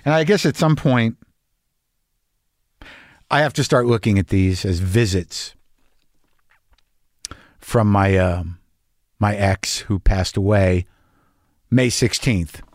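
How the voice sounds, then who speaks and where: A man's voice: fairly low pitch, slow pace, long pauses, dry recording, studio quality. A man hosting a podcast, talking in a rambling, profane, stop-and-start monologue. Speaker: podcast host. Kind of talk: casual monologue.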